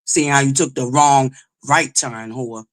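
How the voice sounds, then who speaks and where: A woman hosting a livestream, loud and belligerent, who swears nonstop while greeting viewers and pushing for likes. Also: extremely low pitch, fairly even intonation, a little slow. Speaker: livestream host. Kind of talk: profane live-chat commentary.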